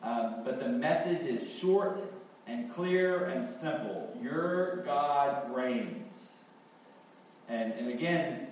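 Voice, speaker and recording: A man in his middle register delivers a sermon, repeating his main points with earnest emphasis and pausing on fillers as he works through the passage. His voice echoes heavily around a large church hall and sounds a little distant from the microphone. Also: mid-range voice, a little mellow, a little hiss or hum. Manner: earnest, repeats key phrases, thinks aloud with fillers. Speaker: pastor.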